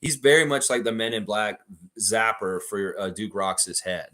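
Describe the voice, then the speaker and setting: Male livestream host with a low voice and lively delivery, chatty, reads out fan comments. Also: unhurried. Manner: chatty, reads viewer comments aloud and answers them. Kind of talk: casual sports reaction livestream.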